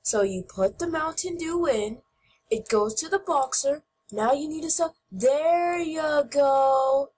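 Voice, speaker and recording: A woman giving playful gameplay commentary as host, goofy and shouting mock-angrily at other players. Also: high-pitched, expressive, moderate pace, a little hiss or hum.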